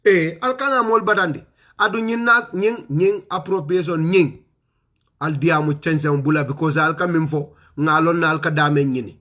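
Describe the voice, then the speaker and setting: A man's voice: on the high side, moderate pace. A man with a Gambian accent, giving an impassioned political speech and pressing home rhetorical questions. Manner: forceful, repeats rhetorical questions. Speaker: political commentator.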